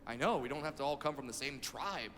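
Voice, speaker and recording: A man performing a stand-up comedy set, telling stories with animated delivery and shouted punchlines. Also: mid-range voice, fast. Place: stage in a comedy venue. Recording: echoey venue recording with noise.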